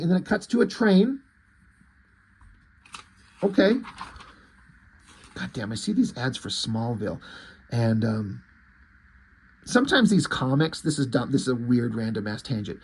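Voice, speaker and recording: A man's voice: medium pitch, very animated, unhurried, pauses often, husky. A man casually recapping a comic book page by page, rambling and swearing freely. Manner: profane, rambling, frequent fillers.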